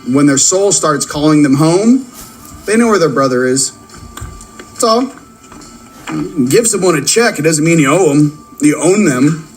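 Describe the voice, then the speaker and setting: A man with a fairly high voice chats casually as he pulls cards for his viewers. He rambles and cracks jokes, addressing the audience directly. Soft music plays faintly behind him. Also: lively intonation, a little slow, pauses often, rough recording. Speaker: channel host doing card readings. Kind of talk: casual spiritual card-reading chat. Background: faint background music.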